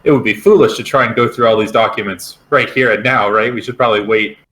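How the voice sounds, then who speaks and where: A man's voice: on the low side, steady tone, fast, fairly bright tone, poor audio. A man playing in a tabletop game who thinks aloud, hedging with "I suppose" and "sort of". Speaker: player.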